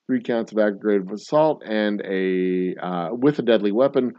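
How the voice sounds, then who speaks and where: A man's voice: fairly low pitch, normal speed, no room sound. Male show host, casual profane commentary, dull lo-fi sound. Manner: profane, incredulous, laughing riffs. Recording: dull dry lo-fi recording.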